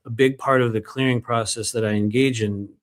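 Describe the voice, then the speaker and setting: A man's voice: medium pitch, steady tone, fairly quick. Man reading his book live, chatty asides. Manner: conversational and digressive, many fillers.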